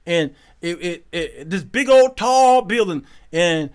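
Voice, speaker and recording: Guy spinning a funny story, fairly high voice, laughs a lot, does little voices for everyone. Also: slow. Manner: animated, laughing often, acting out quoted voices. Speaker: show host. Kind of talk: comic storytelling.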